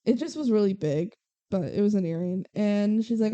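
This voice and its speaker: Young woman podcast co-host, mellow tone, chatty and sarcastic movie recap. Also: mid-range voice, normal speed. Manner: chatty, sarcastic, quotes characters in passing. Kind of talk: casual movie recap chat.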